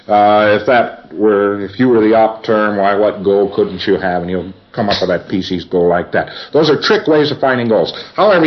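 A man's voice: medium pitch, muffled recording. A man giving a rambling, folksy lecture, reviewing sessions for a class with chuckles and asides.

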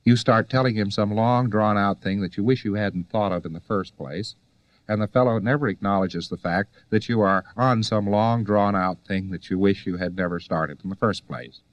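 A man's voice: lowish voice, moderate pace, no echo, highs cut off. A man giving a conversational lecture to students, full of rhetorical questions and wry asides.

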